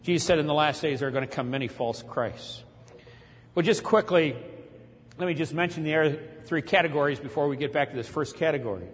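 A man's voice: fairly high pitch, brisk. A man preaching a sermon, telling a dramatic story and raising his voice as he preaches. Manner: dramatic retelling, voice rising when preaching. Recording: long hall reverb.

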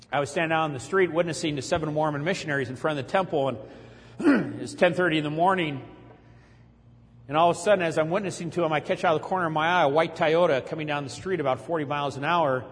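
A man preaching a sermon, telling a dramatic story and raising his voice as he preaches. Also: fairly high pitch. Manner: dramatic retelling, voice rising when preaching. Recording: long hall reverb.

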